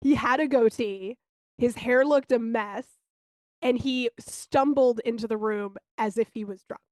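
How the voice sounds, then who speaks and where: A woman co-hosting a podcast, telling candid, animated stories in casual chat and swearing now and then. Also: a little high, unhurried, no echo. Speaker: podcast co-host.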